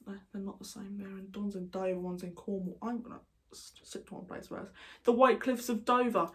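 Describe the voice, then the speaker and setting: A woman's voice: medium pitch, steady tone, fast talker. Casting: chatty British woman vlogger, jokey, wanders off on tangents. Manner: rambling, jokey, goes off on tangents. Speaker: YouTuber. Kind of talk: casual vlog chat.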